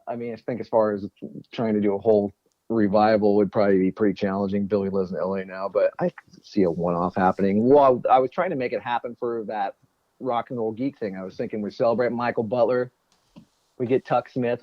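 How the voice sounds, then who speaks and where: A man's voice: on the low side, fairly quick, dry recording. A man in casual podcast chat as a guest co-host and former bandmate, rambling and joking. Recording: muffled lo-fi audio.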